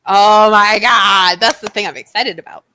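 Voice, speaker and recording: A young woman co-hosting a podcast in casual chat, telling stories in an animated way and acting out what people said. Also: medium pitch, normal speed, smooth. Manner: animated storytelling, acts out quotes. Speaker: podcast co-host.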